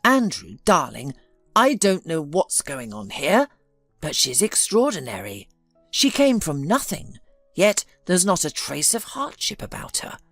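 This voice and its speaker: A woman's voice: low voice, wildly swooping pitch, measured pace, fairly bright tone, dry recording, soft background music, exaggerated voice. A woman voicing an elderly wealthy father who speaks in an insistent, scolding way.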